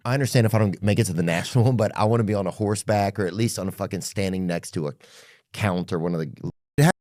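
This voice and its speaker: A man's voice: on the low side, fast talker, darkish tone, no echo, studio quality. A man in casual podcast talk, rambling and joking with hedges.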